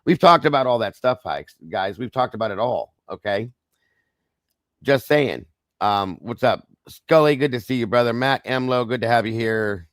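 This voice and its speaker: Hosting a true crime livestream, a man reads reports aloud and chats with viewers, calling them "guys" and often saying "okay" or apologizing. His medium-pitched voice is animated but strained, as though he's trying not to lose it, at normal speed. The streaming mic gives dry, studio-quality sound.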